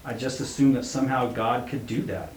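A man voicing a desperate father who protests and begs for his children, loud and strained. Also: mid-range voice, steady tone, fairly quick, close to an everyday voice. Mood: stunned. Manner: pleading, crying out. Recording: roomy echo, faint hum.

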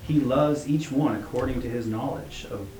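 A man voicing a calm, wise woman who speaks softly and insistently. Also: medium pitch, normal speed, close to an everyday voice. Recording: roomy echo, faint hum.

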